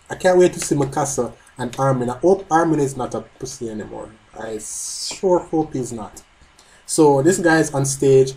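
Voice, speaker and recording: A man's voice: medium pitch, moderate pace, mellow, low-quality recording. A man hosting a live manga reread, reacting in a casual, joking and profane way.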